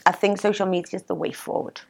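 A woman's voice: mid-range voice, fairly even intonation, fast, gravelly. A woman with a Liverpool accent, a business owner talking as an interview guest in a direct, matter-of-fact way. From Liverpool, England. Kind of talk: casual interview chat.

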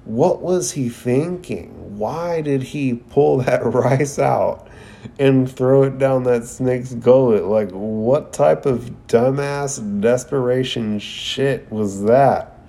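A man's voice: medium pitch, slow pace, gravelly, warm tone. A man casually recapping and reviewing an anime episode, rambling and profane with lots of "like".

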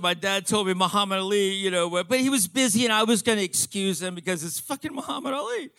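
High, bright excitable storyteller man. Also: brisk, few pauses, smooth, no room sound. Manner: excitable, profane, breathless retelling with restarts. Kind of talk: comic storytelling to an audience.

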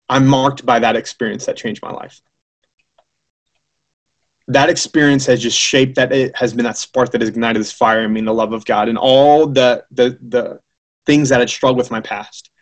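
A man preaching a sermon, telling his own story in a lively way and acting out the voices of the people he quotes. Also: medium pitch. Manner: animated, acts out quoted voices, many fillers. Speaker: preacher giving his testimony.

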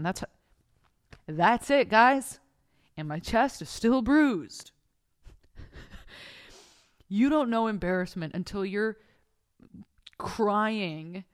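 A woman's voice: on the low side, clean tone. Profane, storytelling podcast woman. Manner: profane, animated, acts out voices in her stories. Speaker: podcast host. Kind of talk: casual storytelling chat. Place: bedroom at home. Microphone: close mic in front of her face.

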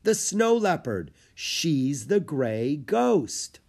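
A man voicing an eager, curious young girl in an audiobook reading, raising his voice into a bright, excited tone. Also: fairly high pitch, vocal fry, pitched above the performer's own voice, heavily acted. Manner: bright, excited, quick to notice things.

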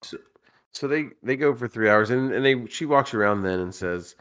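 A man's voice: medium pitch, moderate pace, fairly bright tone, clean tone. A man co-hosting a podcast, telling a long story in a rambling, profane way and laughing a lot, and he is tipsy from drinking. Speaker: podcast co-host. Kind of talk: casual storytelling chat.

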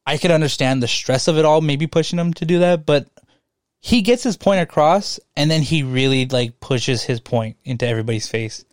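A young man chatting casually on a podcast, swearing freely and breaking into laughs. His voice sounds smooth and resonant. The recording is dry and close. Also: on the high side, moderate pace, dry recording. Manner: loose and profane, laughs often. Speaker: podcast co-host. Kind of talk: casual chat.

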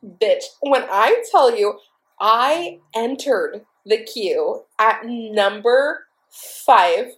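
A young woman hosting her own podcast, telling a story in an excitable, profane, breathless way. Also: fairly high pitch, drawn-out words. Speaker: podcast host. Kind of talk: casual storytelling monologue.

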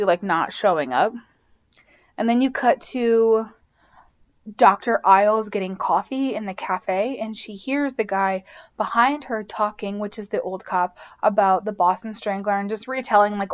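A woman's voice: mid-range voice, lo-fi sound. A woman hosting a podcast, casually recapping a TV episode, chatty and full of "like" and "um". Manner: chatty, lots of "like" and "um". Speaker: podcast host.

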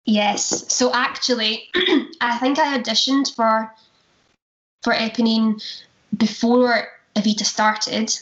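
A woman's voice: on the high side, fairly even intonation, slow pace, a bit bright. Chatty Glaswegian woman, roomy lo-fi sound. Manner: chatty, laughs often, acts out quotes. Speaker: musical theatre performer, guest. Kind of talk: casual chat, anecdotes.

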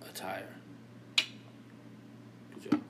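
A man's voice: extremely slow, very noisy. A man co-hosting a casual podcast, firing off crude one-liner jokes, swearing and laughing a lot. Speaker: podcast co-host. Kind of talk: casual joke-trading chat.

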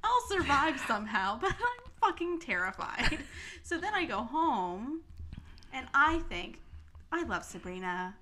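A young woman co-hosting a podcast, telling stories in a lively, laughing way and swearing freely. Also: sits high, unhurried, noisy background. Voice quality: laughs often, swears freely, animated storytelling. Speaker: podcast co-host. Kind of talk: casual chat. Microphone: podcast mic.

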